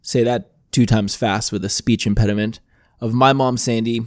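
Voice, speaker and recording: A man hosting a podcast with a throaty voice, rambling casually and clearing his throat often. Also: medium pitch, fairly even intonation, moderate pace, a little mellow, no echo, clean studio sound. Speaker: podcast host. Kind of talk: casual chat.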